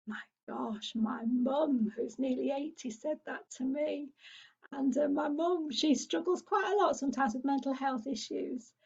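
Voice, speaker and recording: A woman's voice: sits high, unhurried, vocal fry, a little mellow, muffled recording. A middle-aged woman from England who leads a parenting group, talking in an earnest, encouraging way. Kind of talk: casual spoken talk.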